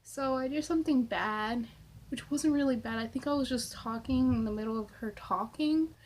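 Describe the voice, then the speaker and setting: A woman's voice: fairly high pitch, normal speed, darkish tone, slight background noise. A young woman vlogger answering Q&A questions and rambling through a story, filling her talk with "like" and swearing casually. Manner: chatty, rambling, lots of "like".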